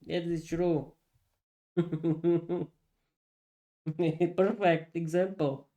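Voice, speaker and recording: Slow-talking man. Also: a little high. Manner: halting, laughs often, restarts sentences. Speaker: English teacher and podcast host. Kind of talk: casual live-stream lesson.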